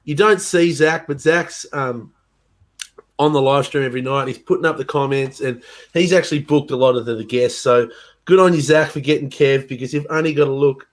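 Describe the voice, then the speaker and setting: An Australian man hosting a live stream chat, effusive and excitable, swearing and saying "mate" a lot. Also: medium pitch, fairly quick. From Tasmania, Australia. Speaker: band member and host.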